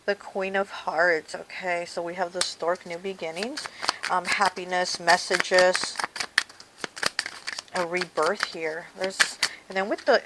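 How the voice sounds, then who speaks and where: A medium-pitched female voice comes through heavy background noise. She's a tarot reader doing a casual reading, talking straight to the viewer in a chatty manner and repeatedly using "okay" and "you know."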